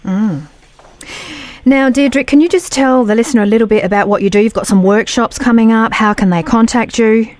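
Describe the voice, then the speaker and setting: A woman's voice: a little high, moderate pace, a little mellow, dry recording. A woman hosting an interview, talking in a conversational, agreeable way. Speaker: interview host.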